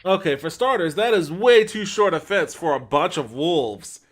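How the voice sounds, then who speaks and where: A man's voice: a little high, animated, moderate pace, a bit bright. A man streaming a video game, giving incredulous, sarcastic commentary. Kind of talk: let's play commentary.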